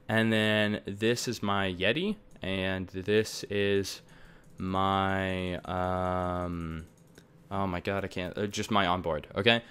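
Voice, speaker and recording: A man's voice: on the low side, fairly bright tone, clear, resonant tone. A young man giving a casual, rambling tutorial on recording setups, full of fillers and offhand asides, recorded on a desktop microphone at home. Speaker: tech tutorial maker. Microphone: desktop USB microphone.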